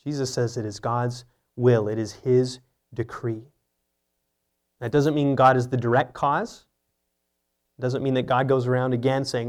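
A man's voice: medium pitch, fairly even intonation, moderate pace. A man preaching an earnest, teaching sermon, often asking rhetorical questions. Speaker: pastor.

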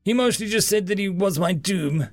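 A man voicing a young male familiar who talks in an earnest, halting, hesitant way. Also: high-pitched, dry recording, clean studio sound, voice pushed up.

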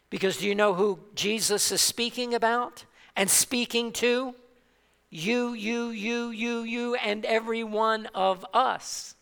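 A man preaching a sermon as pastor, slow and emphatic, with dramatic pauses and repeated stresses. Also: sits high, bright, forceful tone. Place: church sanctuary. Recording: long hall reverb.

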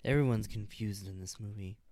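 A man's voice: lowish voice, fairly quick, dark tone, no echo, clean studio sound. A man co-hosting a podcast, chiming in with short, wry comments during casual chat. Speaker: podcast co-host.

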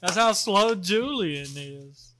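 Slow-drawling man, high bright voice. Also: lively intonation. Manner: drawling, slow-talking, laughs at himself. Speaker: podcast co-host. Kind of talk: casual chat.

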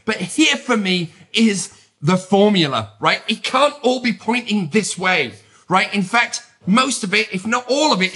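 A middle-aged man with a British accent hosting a podcast, talking in an energetic, emphatic, upbeat way. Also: high voice. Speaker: podcast host. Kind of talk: motivational podcast monologue.

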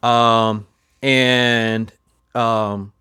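A man's voice: mid-range voice, level tone, very slow, pushed and bright, clear, resonant tone, dry recording, studio quality. A man casually chatting as a podcast host, rambling with lots of fillers and restarts. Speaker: podcast host reviewing films. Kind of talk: casual chat.

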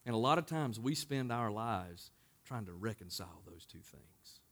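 A man preaching a sermon as pastor, swinging from loud emphatic passages to quiet hushed asides and raising his voice to act out quotes. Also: on the low side, lively intonation, moderate pace. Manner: acts out biblical quotes in a raised voice.

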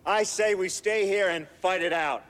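A man's voice: high-pitched, moderate pace, a bit bright. An actor playing a brash, cocky male action hero in a swaggering, boastful film scene, heard as a clip played back from a distance.

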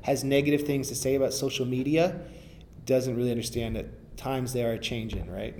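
A man's voice: mid-range voice, steady tone, normal speed, darkish tone, slight background noise. A man, a rapper, talking casually in an interview, rambling and restarting often with enthusiasm.

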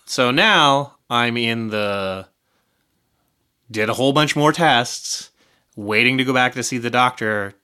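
A man's voice: medium pitch, takes it slowly, bright, forceful tone, clean tone. A man co-hosting a podcast, short of breath, talking candidly in casual chat and swearing now and then. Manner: candid, swearing, laughing through hard news. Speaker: podcast co-host.

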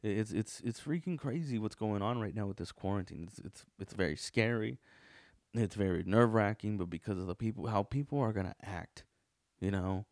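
Man, podcast host, casual rambling talk, swears a lot, lowish voice, dry close mic. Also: brisk, a little mellow, no room sound. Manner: profane, rambling, with frequent restarts and fillers.

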